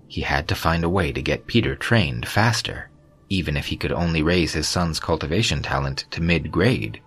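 A man narrating a serialized audio story in a steady, even reading style. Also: very deep voice.

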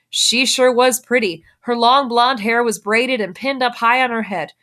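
A woman, a teacher, reading a children's novel aloud with expressive storytelling and lifting her voice for the characters. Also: on the high side.

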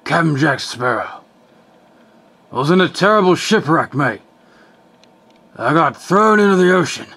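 A woman's voice: low-pitched, animated, unhurried, long pauses, fairly bright tone, husky, heavily acted. A woman voicing a shipwrecked male pirate captain, speaking in a melodramatic, rambling drawl for a comedic toy play-acting video. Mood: woeful.

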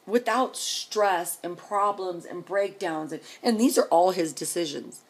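A woman's voice: lowish voice, a little slow, breathy edge. A middle-aged woman venting to camera in a rambling, exasperated, sarcastic rant. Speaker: vlogger.

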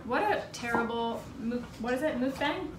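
A young woman from Canada in her twenties, a guest friend in a casual chat mukbang, relaxed and sarcastic. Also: a little high, moderate pace. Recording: echoey room, distant mic, clear noise.

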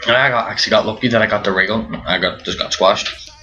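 Talking quickly in a lowish voice, a tired young man rambles through casual commentary on a zombie game, often restarting what he's saying. The lo-fi microphone sounds dull and carries a faint hiss.

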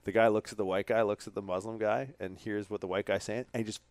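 A man's voice: lowish voice, fast, dry recording. Profane man telling stories. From Canada. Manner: profane, rambling, energetic storytelling. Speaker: podcast host. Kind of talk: casual storytelling chat.

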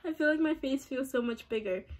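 A woman's voice: high voice, brisk. A woman giving casual gaming commentary, chatty, giggly and self-deprecating. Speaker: game streamer.

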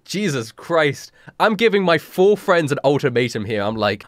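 A man's voice: fairly high pitch, sing-song, normal speed, few pauses, faint music behind. A man reading fan fiction aloud for laughs, breaking in with sarcastic, incredulous outbursts. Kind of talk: comedic reading with commentary.

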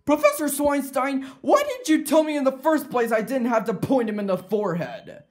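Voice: sits high, very animated, fairly quick. A performer voicing a bossy, dim-witted male pig king who whines and demands, in a fan cartoon. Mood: annoyed. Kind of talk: fan-made cartoon voice acting.

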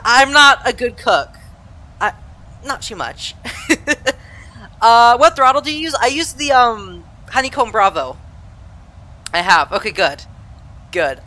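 Young adult from Southern California, live-stream chatter with a bright, lively voice that jumps up and down a lot. They talk casually to chat while flying, and laugh easily at their own expense. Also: medium pitch. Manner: laughs easily, self-deprecating. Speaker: flight sim streamer.

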